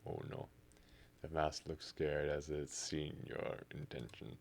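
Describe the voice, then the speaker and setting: A man's voice: very deep voice, little pitch movement, takes it slowly, creaky, darkish tone, a little hiss or hum. A man streaming live, reading a text game aloud in the second person and reacting as he goes.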